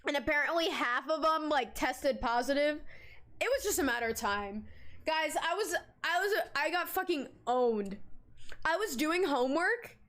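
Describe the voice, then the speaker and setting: High-voiced, animated young woman streamer. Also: normal speed. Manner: animated, swearing, dramatic storyteller. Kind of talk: casual live-stream chat.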